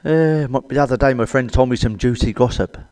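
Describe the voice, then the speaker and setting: Dry, close sound with no room echo captures a middle-aged comedian with a British accent doing a crude stand-up routine. He's blunt and cheeky and swears plenty, his middle-pitched voice brisk, smooth and a touch mellow.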